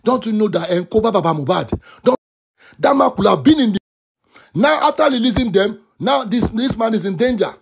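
A man with a Nigerian accent hosts a talk show and gives animated commentary. He is impassioned, mixes English and Yoruba, and keeps breaking into shouts. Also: sits high, moderate pace, creaky, husky. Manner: impassioned, switches between English and Yoruba, often bursts into shouts.

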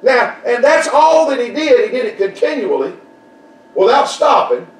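A preacher with a high, ringing voice works the congregation in a folksy, repetitive call-and-response style. He is caught from a distance, and the church room echoes around every phrase. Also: big pitch swings, moderate pace. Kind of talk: Southern Baptist sermon. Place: church sanctuary.

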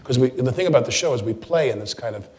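A man, a guest actor, chatting with an audience in a lecture forum, telling animated stories and often restarting his sentences. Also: medium pitch, quick pace. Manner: animated storyteller with stammered restarts. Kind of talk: anecdotal chat with an audience.

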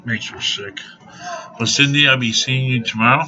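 A man's voice: mid-range voice, normal speed, noisy background. A man ranting angrily to camera at home in a vlog, cursing freely and laughing through his anger. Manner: profane, angry ranting. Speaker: vlogger. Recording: dull lo-fi recording.

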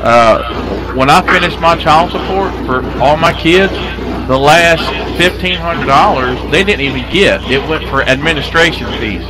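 A man's voice: fairly high pitch, animated, a little slow, poor audio. Plainspoken wry man. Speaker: radio show cohost. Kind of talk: casual talk radio banter.

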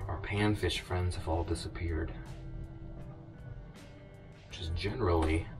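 A fishing vlogger and rental guide talks casually to the camera from an ice fishing shack, excitedly chatting with viewers and cheering on the fish. His voice sits low, far from the mic, on a rough recording.

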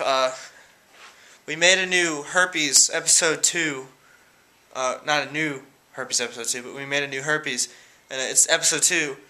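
A teenage guy rambling through shout-outs in a casual vlog at home, giggling and hesitant. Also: fairly high pitch. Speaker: vlogger. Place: room at home.

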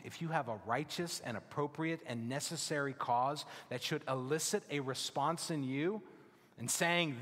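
A male pastor preaching a sermon in an emphatic, deliberate way, with his phrases often sinking to a hushed close. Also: a little high, in a large hall. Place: church sanctuary.

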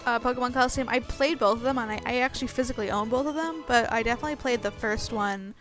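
A woman's voice: on the high side, fast talker, a bit bright, faint music behind. A young woman streamer chatting casually and joking while she plays a game. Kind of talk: casual gaming chat.

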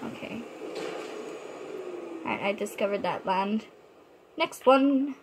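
A young woman chatting excitedly to herself while playing a video game. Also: medium pitch, slow pace. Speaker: gamer. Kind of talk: gameplay commentary. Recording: noisy game audio behind.

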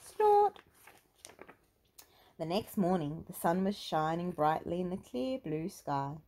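In a lively, sing-song manner, a woman reads out a children's picture book. Her voice sits on the low side and moves at a normal speed.

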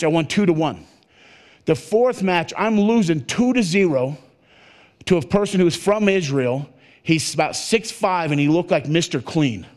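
A man delivers a motivational keynote to a conference audience, his voice sitting a little on the high side. He tells his story with animated energy, jumping in pitch as he acts out the exchanges. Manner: animated storytelling, acting out dialogue in jumps of pitch. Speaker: motivational speaker. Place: conference hall at a resort.

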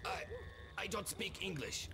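An actor playing a frightened male guerrilla captive who speaks haltingly in broken English under interrogation. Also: sits high, very animated, heavily acted. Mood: nervous. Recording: game audio with ambient noise.

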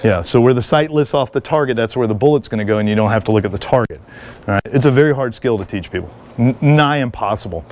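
A middle-aged man lectures at a live seminar with an energetic, joking manner. His speaking voice sits at an ordinary mid pitch, and he keeps the room engaged with stories. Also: fast. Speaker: firearms and martial arts instructor.

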